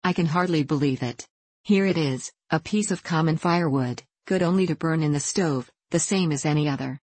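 A woman reading the part of a jittery old male carpenter who mumbles and stutters from fright, in a low voice. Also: brisk, darkish tone, breathy edge, no room sound. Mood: frightened.

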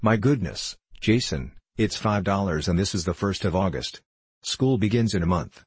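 A man reading the part of an energetic, affectionate Eastern mother in a storybook. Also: low voice, moderate pace, husky, dry recording. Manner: vigorous, affectionate.

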